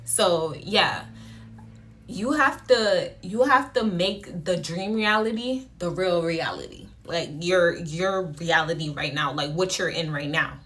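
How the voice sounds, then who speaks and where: A woman's voice: fairly low pitch, animated, slow, a bit bright, slightly rough. A woman vlogger talking casually to her phone camera, rambling with many fillers and restarts.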